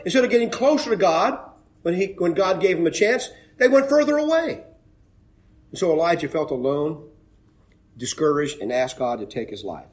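A man preaches a sermon in an earnest voice, a little higher than most men's. He climbs to emphatic peaks, then sinks low and quiet as he retells the story.

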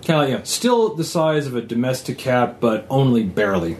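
Animated man running a tabletop game. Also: medium pitch, fairly quick, noisy background. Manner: animated, loose, full of fillers. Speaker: game master.

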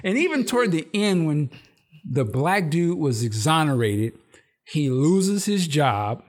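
Fairly high in pitch and in no hurry, this podcast host recaps a TV episode casually, with slang and profanity. He tells it in an animated way, performing characters' lines in a raised voice.

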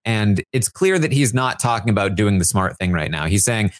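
A podcast host talks through a reality show recap in a measured, thoughtful way. The delivery leans on fillers and restarts, and the pitch moves in a lively way. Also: no room sound, studio quality.

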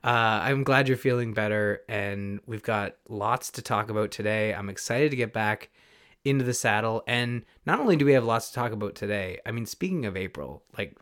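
A man co-hosting a podcast in casual chat, relaxed and trailing off quietly at the ends of his thoughts. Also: lowish voice, normal speed. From Canada. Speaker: podcast co-host.

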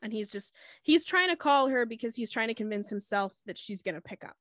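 A woman's voice: fairly high pitch, expressive, brisk, no room sound. Woman, podcast host, true crime storytelling, casual, matter-of-fact, dry close sound. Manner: matter-of-fact, with fillers and asides.

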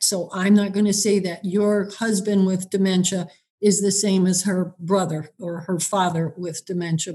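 A woman's voice: mid-range voice, dark tone. A woman who advises on dementia care, talking through tips in an encouraging way and acting out example dialogue. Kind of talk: advice conversation.

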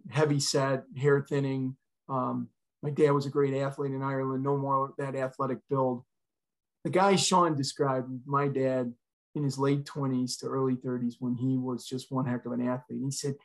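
Appearing on a podcast, a retired fire chief in middle age shares a story from his own life, his mid-range voice earnest and full of feeling.

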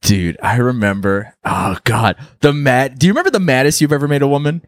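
A man's voice: mid-range voice, expressive, brisk, dry recording. A man co-hosting a podcast, rambling through stories with lots of swearing, talking close to the mic. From New York City. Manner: profane, rambling storyteller. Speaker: podcast co-host. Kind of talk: casual chat.

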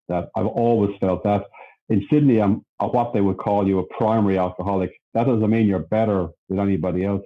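Low-voiced Irish man telling his story. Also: narrow, tinny audio. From Ireland. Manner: plainspoken, self-deprecating, laughs at himself. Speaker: podcast guest. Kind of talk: candid storytelling chat.

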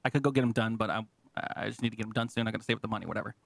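A man hosting a podcast, telling profane, animated stories in casual chat and acting out what people said. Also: lowish voice, very fast, gravelly, no echo. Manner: profane, animated, acts out quotes. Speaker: podcast host.

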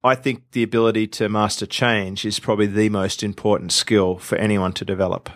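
Relaxed man, teasing banter. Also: on the low side, a little fast. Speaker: podcast co-host. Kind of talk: casual chat.

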